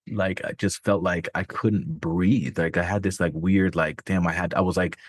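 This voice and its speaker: A man's voice: low-pitched, no room sound, studio quality. A middle-aged man, a podcast guest, telling a personal story in a candid, casual way, swearing freely and filling his talk with "man" and "like". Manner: casual, profane, many fillers like "man" and "like".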